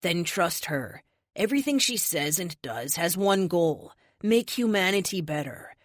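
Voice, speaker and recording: A woman voicing a gentle, reassuring young man in an audiobook. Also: lowish voice, sing-song, measured pace, dry recording, studio quality. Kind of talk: audiobook character voice.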